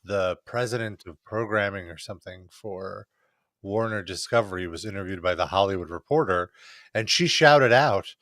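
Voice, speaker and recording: A man's voice: sits low, moderate pace, fairly bright tone, dry recording, studio quality. A man appearing as a guest columnist in a casual wrestling recap chat, enthusiastic and rambling.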